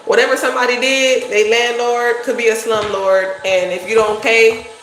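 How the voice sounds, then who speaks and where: A woman's voice: on the high side, steady tone, normal speed, fairly bright tone. Blunt profane woman in echoey room. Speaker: psychic tarot reader. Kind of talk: casual livestream reading. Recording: very echoey room, faint noise.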